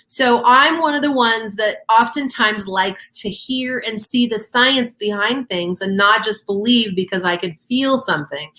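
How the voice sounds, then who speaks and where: A woman's voice: mid-range voice, a bit bright. A woman co-hosting a casual talk show, explaining ideas step by step in an earnest, encouraging way. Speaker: co-host. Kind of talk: casual teaching chat.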